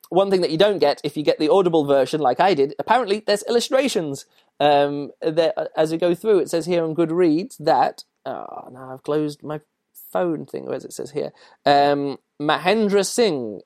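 A man's voice: fairly high pitch, darkish tone, no echo, studio quality. A man hosting a podcast, casually reviewing a book in a rambling way with many fillers and restarts. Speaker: podcast host.

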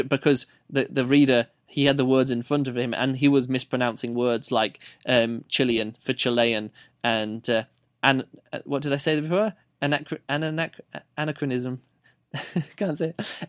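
Rambling podcast host, slightly high voice. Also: male voice, dry recording, clean studio sound. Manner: off-the-cuff, rambling, restarts and self-corrections; laughs at his own stumbles. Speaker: podcast host reviewing books. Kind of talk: unscripted book review podcast.

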